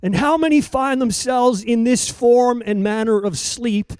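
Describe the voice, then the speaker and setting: A man delivering a sermon in a high voice for a man, close and dry with no room echo. His delivery is dramatic, sinking to near-hushed phrases and then lifting into loud, ringing declarations. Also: unhurried, clean tone. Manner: dramatic, swinging between soft and loud emphasis. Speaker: preacher.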